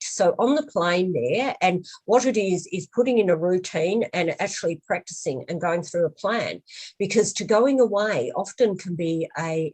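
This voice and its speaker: A woman's voice: fairly low pitch, a little mellow, husky, poor audio. A woman presenting a webinar who answers questions hesitantly, with frequent ums and restarts, and tells an anecdote.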